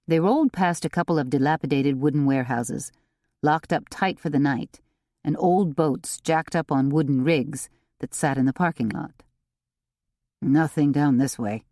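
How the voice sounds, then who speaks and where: Low-voiced woman reading an audiobook, slow, lots of pitch movement, dry close sound. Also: mellow, dry recording. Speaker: audiobook narrator. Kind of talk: scripted narration.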